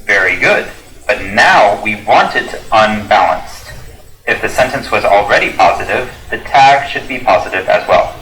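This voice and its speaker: A fairly low male voice with a bright, forward tone swings widely in pitch as he explains grammar rules in a scripted course dialogue. His delivery is clear and instructive, and the recording carries a roomy echo. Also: expressive, moderate pace, faint music behind.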